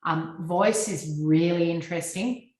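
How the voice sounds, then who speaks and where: An Australian woman presents to a business audience over a video call. Her voice sits low, and it carries a roomy echo. She talks fluently and instructively, with frequent ums. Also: unhurried, a little mellow. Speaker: guest speaker on personal branding.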